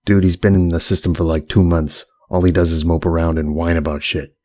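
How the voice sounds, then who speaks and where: A cocky teen runaway who keeps cutting in to mock his friends, voiced by a male audiobook reader. The delivery is low and fairly flat. The sound is dry and close. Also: a little fast, no room sound, natural voice. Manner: cocky, needling, cuts in. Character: brash, mouthy teenage boy runaway. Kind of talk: audiobook character voice.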